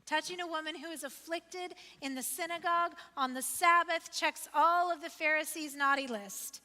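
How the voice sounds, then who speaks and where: A woman's voice: sits high, normal speed, pushed and bright. A woman pastor preaching a sermon in a conversational, emphatic way, asking questions and repeating phrases for effect. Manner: conversational, asks the listeners questions. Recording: long reverb of a large hall.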